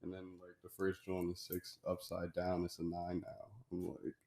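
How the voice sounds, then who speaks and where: A man's voice: low voice, monotone, normal speed, dark tone, reverberant. A young adult man who is a podcast guest, talking in a laid-back, rambling way during casual chat.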